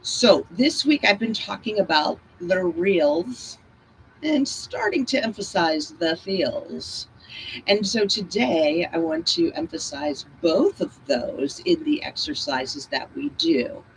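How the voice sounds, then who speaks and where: A woman instructor calmly guiding a breath and bodywork class, cueing body lines and breathing. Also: medium pitch, vocal fry, a little hiss or hum, rough recording. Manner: slow, calm, guiding cues. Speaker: movement instructor.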